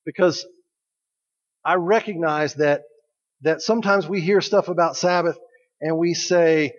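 A pastor preaching a sermon in a relaxed, conversational way. He jokes with the congregation and asks them questions. His fairly high voice carries through a dull recording with a long hall echo. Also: measured pace.

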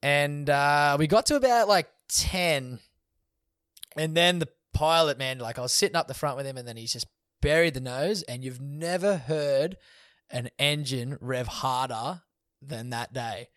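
A man's voice: fairly high pitch, unhurried, a bit bright, dry recording, studio quality. Laid-back man telling stories. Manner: laid-back, swears often, laughs through stories. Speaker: guest. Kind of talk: casual storytelling in a podcast chat.

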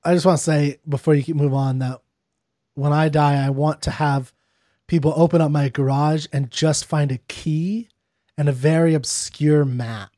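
A man's voice: on the high side, steady tone, moderate pace, warm tone, dry recording, clean studio sound. A man co-hosting a podcast, chatting casually and jokingly with lots of fillers. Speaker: podcast co-host. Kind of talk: casual chat.

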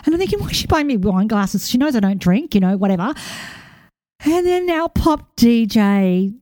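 Aussie woman in her 40s, podcast host, bit high voice, dry close sound, rambly and emotional, a bit wired. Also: big pitch swings, moderate pace, mellow, dry recording. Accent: Australian. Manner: rambling, emotional, self-correcting. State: a bit hyper after a walk. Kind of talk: casual monologue.

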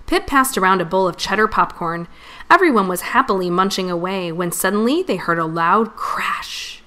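A woman reading a children's storybook aloud in an expressive, animated way. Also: medium pitch, normal speed.

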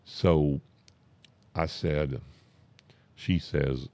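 A man spins a comic anecdote in a slow, drawn-out, deadpan way, stopping now and then to correct himself. His voice sits extremely low with a gravelly rasp. The tone is dark and husky. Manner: drawn-out, deadpan delivery with self-interruptions. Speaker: comic storyteller.

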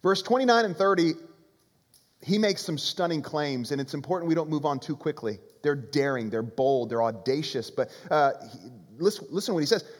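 A man's voice: a little high, animated, fairly quick. A man preaching a sermon as a pastor, conversational and emphatic, often repeating phrases for effect. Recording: long reverb of a large hall.

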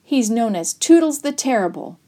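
A woman doing a nervous freckled young boy trying to bluff his way out of trouble, voiced in a children's storybook reading. Raised and insistent, he pushes his words out loud and urgent. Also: fairly high pitch, very animated, normal speed.

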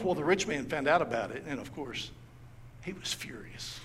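A man's voice: fairly high pitch, brisk, fairly bright tone. A man preaching a sermon as pastor, telling a story and acting out its quoted lines. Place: church sanctuary. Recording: long hall reverb, faint ambience.

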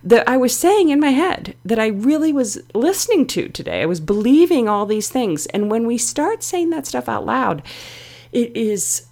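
A woman's voice: a little high, big pitch swings, moderate pace, a little mellow. A middle-aged woman hosting her own podcast, talking alone in a candid, confessional way with plenty of fillers. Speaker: podcast host. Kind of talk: reflective solo podcast talk.

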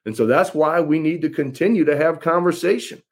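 His voice sits on the high side, slightly rough and a little fast. This political candidate speaks to followers in a folksy, emphatic campaign address, repeating phrases for effect.

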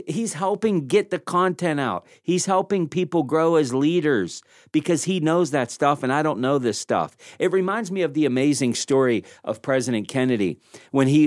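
A man hosting a leadership podcast, telling stories in an animated, self-deprecating way and acting out the lines he quotes, on a studio microphone. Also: on the high side, dry recording. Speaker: podcast host. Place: small studio room.

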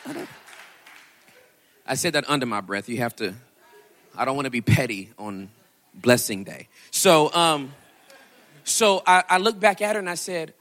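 A man preaching a sermon, telling a story with animated delivery and acting out quotes in a raised voice. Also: normal speed, pauses often, a faint crowd. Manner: animated, acts out quotes with big pitch jumps. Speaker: pastor.

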